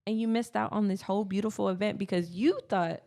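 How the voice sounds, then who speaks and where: A woman in her thirties co-hosting a casual spiritual podcast, telling personal stories earnestly in quick bursts. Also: medium pitch, fairly even intonation, vocal fry, darkish tone. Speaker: podcast co-host.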